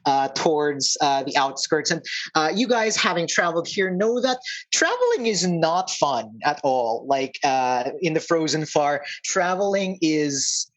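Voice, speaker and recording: Woman, game master, low voice, rambling narration, fillers. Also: big pitch swings, a little slow, rough recording. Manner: rambling, many fillers and restarts.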